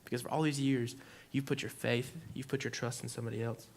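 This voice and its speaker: Young guy preaching casually, lots of "like", acts out what he said back then, mid pitch. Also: level tone, fast talker, gravelly. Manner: conversational, lots of "like", acts out his own reactions. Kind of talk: informal sermon with personal story. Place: church.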